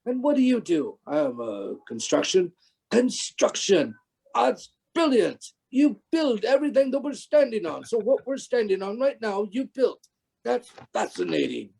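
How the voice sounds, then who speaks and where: Man does a high, eager young boy, delighted and polite, heaping on compliments. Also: sing-song, unhurried, vocal fry, a little mellow, husky, full character voice, low-quality recording. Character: eager, wide-eyed boy actor, gushing politely.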